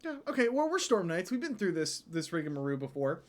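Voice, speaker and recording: A man's voice: a little high, very animated, fast talker. A man playing a tabletop game in a laid-back, joking manner. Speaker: player. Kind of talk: casual tabletop game play.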